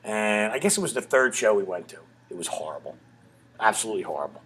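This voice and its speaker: A man's voice: on the low side, very animated, fast talker, a bit bright, slightly rough. A middle-aged man, a comedy club owner and comedian, telling crude, self-mocking stories in an interview at a bar's open mic night. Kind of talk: storytelling in an interview.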